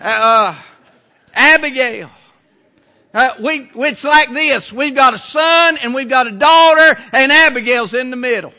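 A middle-aged pastor preaches in a folksy, homespun manner, circling back to his key phrases. His voice sits unusually high for a man, with a bright, forceful edge. The delivery is relaxed yet earnest, like a preacher talking straight to his own congregation. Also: a little slow. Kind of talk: sermon.

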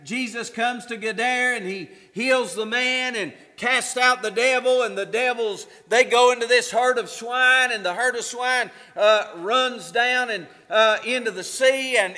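A man's voice: very high-pitched, unhurried, sharp tone, long reverb tail. A man preaching a sermon as pastor, fervent and repeating his phrases for emphasis.

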